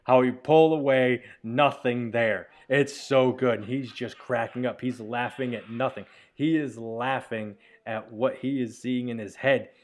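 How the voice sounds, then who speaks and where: A man giving casual, rambling commentary on his own short film, enthusiastic and quick to laugh. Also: mid-range voice, steady tone.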